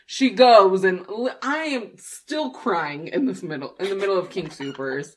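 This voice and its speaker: A woman's voice: mid-range voice, a little slow, a crowd in the background. A young woman telling a story in casual chat, acting out quotes with lots of laughter. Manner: expressive, acts out quotes, laughs often. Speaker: podcast co-host.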